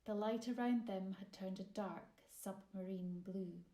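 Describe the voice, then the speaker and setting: A woman reads a children's story aloud, expressive and measured. Her pace is slow and unhurried at a middle pitch. The room around her voice is echoey. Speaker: author narrating her own children's story. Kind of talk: storybook narration. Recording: roomy echo.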